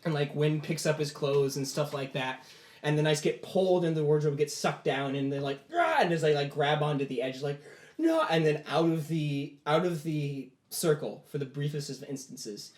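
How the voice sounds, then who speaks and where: A man's voice: on the high side, fairly even intonation, moderate pace. Casual male game master, roomy sound. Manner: casual storytelling with many "like" fillers. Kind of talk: narrating a tabletop game. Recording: roomy echo.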